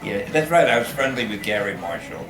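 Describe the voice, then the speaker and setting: A man's voice: on the low side, expressive, brisk, over loud music. An older man telling self-mocking stories as guest of honor in a fan Q&A. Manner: wry, self-mocking jokes. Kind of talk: humorous Q&A storytelling. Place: convention event room. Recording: echoey room, loud crowd.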